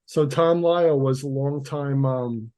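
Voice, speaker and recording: A man's voice: medium pitch, a little slow, mellow. A man co-hosting a casual chat about comics, rambling with restarts and lots of "like". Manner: rambling, restarts, many likes. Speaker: co-host.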